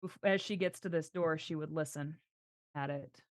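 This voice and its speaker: A woman's voice: low voice, moderate pace, dry recording, studio quality. A woman playing a tabletop game, narrating what her character does in a casual, rambling way. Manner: casual, loose narration with fillers. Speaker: player.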